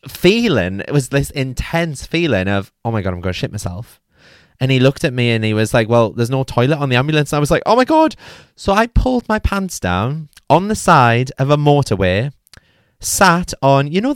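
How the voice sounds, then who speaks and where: A man's voice: mid-range voice, clear, resonant tone, no room sound, clean studio sound. A man, telling a comic personal story in a chatty, swearing way and acting out his own frantic quotes. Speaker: podcast host.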